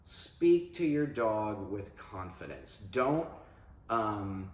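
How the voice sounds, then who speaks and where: A lower-pitched man talking through dog training in a relaxed, conversational way. Every so often he breaks into loud, animated demonstrations of commands. The sound is echoey, as if recorded in a reverberant room. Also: extremely slow. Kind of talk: casual instructional talk.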